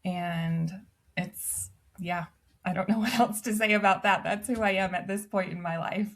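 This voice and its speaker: A woman's voice: mid-range voice, fairly even intonation, moderate pace. A woman in her thirties, a podcast guest, telling stories in casual chat and laughing often. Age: 30s. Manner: chatty storyteller, laughs often.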